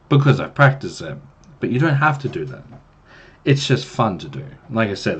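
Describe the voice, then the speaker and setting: Husky-voiced man giving casual advice. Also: lowish voice. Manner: rambling, self-deprecating, swears casually. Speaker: game master and streamer. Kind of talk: casual advice chat on a livestream.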